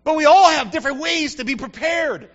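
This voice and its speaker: A male pastor preaching an emphatic sermon that builds to shouts, recorded on a dull lo-fi recording. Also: extremely high pitch, a little fast. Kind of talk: fiery sermon.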